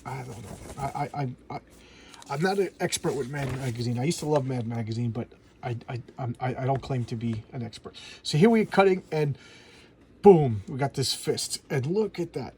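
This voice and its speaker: Flipping through an old comic, a middle-aged comic book reviewer talks about it casually in a fairly high, slightly mellow voice. He gushes eagerly, stumbling and repeating words often, over slight background noise.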